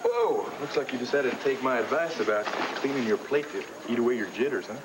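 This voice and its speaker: A man's voice: medium pitch, animated, brisk, heavy background noise, natural voice. An actor playing a playful young man who works as a porter and teases his friends, in 1980s soap opera style. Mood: teasing. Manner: teasing, playful. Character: joking young radio station porter.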